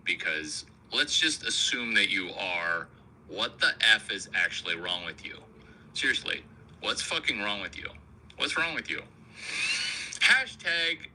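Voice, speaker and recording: A man's voice: lowish voice, bright, forceful tone, poor audio. A man hosting a rambling comic monologue, provocative, crude and self-mocking. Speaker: comedian host.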